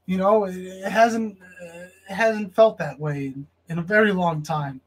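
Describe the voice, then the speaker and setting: A man's voice: high-pitched, measured pace, breathy edge, low-quality recording. A man delivering a long wrestling promo as a pro wrestler, brash and boastful, with bursts of intensity.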